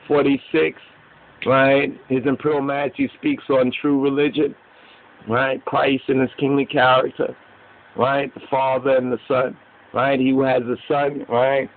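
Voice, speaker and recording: A man teaching a Rastafari Bible study in sermon style. He keeps asking "you understand?" and "right?", and his voice leaps up when he gets stirred. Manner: rises sharply in pitch when stirred. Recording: tinny phone-like audio.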